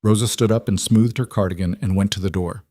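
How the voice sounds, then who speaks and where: A man narrating a scripted story in a measured, even way. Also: lowish voice, no echo, clean studio sound.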